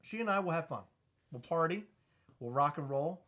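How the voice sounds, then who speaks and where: A man's voice: on the high side, expressive, moderate pace, a bit bright. Joking, teasing man. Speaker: podcast co-host. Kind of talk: casual chat.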